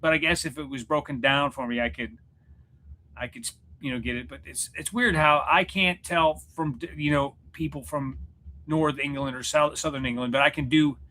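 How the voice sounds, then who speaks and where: A man's voice: on the high side, moderate pace, sharp tone, slight background noise. A man, chatting casually on a livestream. He rambles and jokes at his own expense. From Missouri, USA. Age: 40s. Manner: rambling, self-deprecating, joking. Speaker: livestream host chatting with viewers. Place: room at home, in front of a mirror.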